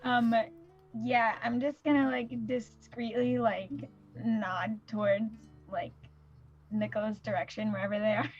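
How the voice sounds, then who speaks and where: Brief: woman player, halting and filler-heavy, slightly high voice. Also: steady tone, lo-fi sound, soft background music. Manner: hesitant, many fillers. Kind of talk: casual tabletop role-play.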